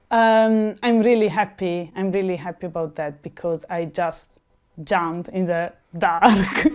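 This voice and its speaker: A woman's voice: mid-range voice, clear, resonant tone. A young woman with an Italian accent, chatting casually and animatedly with frequent fillers, restarts and laughs. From Italy. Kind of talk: casual chat.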